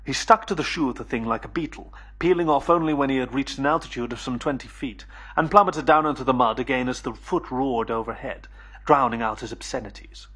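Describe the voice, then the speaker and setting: A man narrates a first-person adventure audiobook in a steady, measured storytelling way. His voice is breathy and husky, sitting at a middle pitch.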